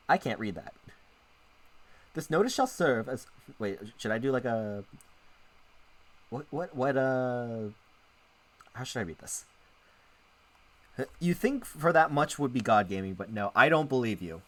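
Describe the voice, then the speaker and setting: A man streamer chats casually with his viewers while reading through a visual novel. He rambles and often cuts himself off mid-sentence, his voice mid-pitched and bouncing lively up and down. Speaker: streamer and VTuber.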